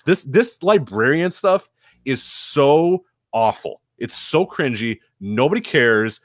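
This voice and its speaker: A man co-hosting a casual wrestling podcast, animated, laughing often and swearing freely as he acts out quoted people. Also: mid-range voice, takes it slowly, dry recording, clean studio sound. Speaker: podcast co-host.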